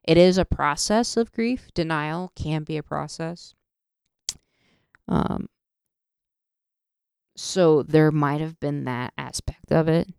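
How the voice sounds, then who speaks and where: Slow, gravelly-voiced woman podcast host. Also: low voice, darkish tone, no room sound, clean studio sound. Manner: emotional, profane, halting with repeated restarts. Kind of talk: solo podcast rant. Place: podcast studio.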